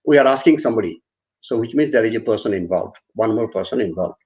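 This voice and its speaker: A man's voice: on the low side, expressive, fast talker, a little mellow, dull audio. A man giving an online university lecture, repeating and restarting phrases as he explains with everyday examples.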